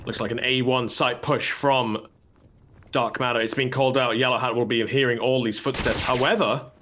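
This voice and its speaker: A man calling a live esports match play-by-play, bursting into high shouts at big plays. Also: flat delivery, normal speed, background noise. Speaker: esports caster.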